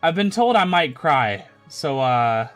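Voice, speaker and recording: A man's voice: fairly high pitch, very animated, takes it slowly, fairly bright tone, faint music behind. A male streamer chatting loosely and swearing freely, then reading fan fiction aloud. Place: home streaming setup.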